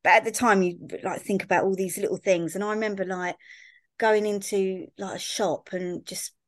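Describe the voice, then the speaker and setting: A woman's voice: medium pitch, fairly even intonation, normal speed, no room sound, clean studio sound. A young woman from Sussex, a podcast guest, telling stories in casual chat and filling her sentences with "like" and "I remember.". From Sussex, England. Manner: chatty storyteller, peppered with "like" and "I remember".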